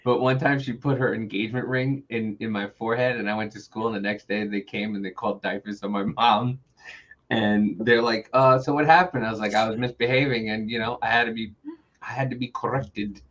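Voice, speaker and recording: A man hosting a podcast in casual chat, telling animated stories and jumping into high voices when he quotes people. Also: brisk. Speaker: podcast host. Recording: muffled lo-fi sound.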